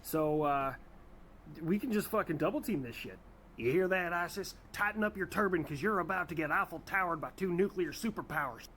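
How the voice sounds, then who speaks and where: A man's voice: high-pitched, animated, fairly quick, a bit bright, a little hiss or hum. A man voicing America personified as a brash, cocky male who talks crudely.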